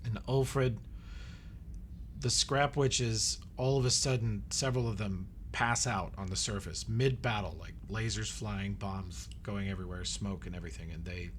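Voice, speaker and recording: A man's voice: on the low side, steady tone, normal speed, slight background noise. A man narrating as game master of a tabletop game, describing the scene in vivid detail.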